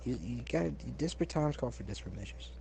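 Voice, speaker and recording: A young man in casual chat who gets animated when he tells a story. He stumbles over his words, repeats himself, and jumps up loud when he acts out what someone said. His voice sits at an ordinary middle pitch. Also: fast, creaky, slight background noise. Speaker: co-host telling work stories.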